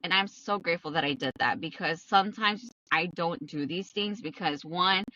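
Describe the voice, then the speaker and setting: A woman's voice: on the low side, moderate pace, pushed and bright, far from the mic, muffled recording, a little hiss or hum. A young adult woman hosting a podcast, talking bluntly in a casual monologue, swearing often and repeating herself for emphasis. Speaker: podcast host.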